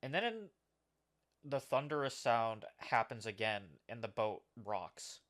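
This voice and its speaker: A man's voice: medium pitch, very animated, slow, fairly bright tone. A man narrating as game master of a tabletop game, describing scenes with frequent "uh" and "like.".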